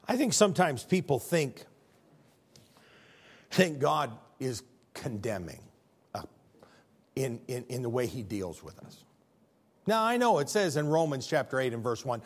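A male pastor preaches emphatically, stumbling into repeated words as he builds. His husky voice sits a little high and ranges widely in pitch. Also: big pitch swings, unhurried. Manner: emphatic, repetitive restarts. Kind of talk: sermon.

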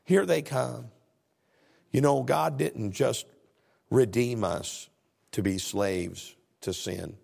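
A man's voice: fairly low pitch, lively intonation, takes it slowly, creaky, a little mellow. A man preaching a sermon as pastor, earnest, reading scripture aloud and often repeating words.

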